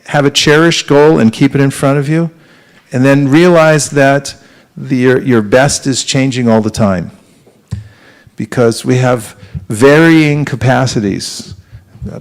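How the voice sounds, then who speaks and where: A male spiritual teacher speaks to a gathered audience in a middle-pitched voice. He talks in an earnest, conversational way, pausing and restarting his sentences as he goes. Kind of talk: devotional talk to a live audience.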